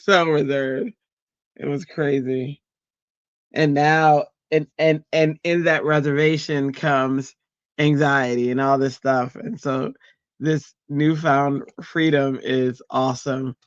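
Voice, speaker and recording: A man's voice: a little high, slow pace, clean tone, no room sound, muffled recording. Chatty middle-aged man hosting a craft stream. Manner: chatty, laughs often, animated storytelling. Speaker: crafting livestream host. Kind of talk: casual livestream chat.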